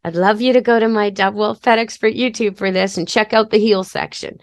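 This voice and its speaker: Her voice is medium-pitched and steady in tone, moving a little fast, with no echo. A pet expert and podcast host, she gives practical, step-by-step training guidance in a relaxed, conversational manner.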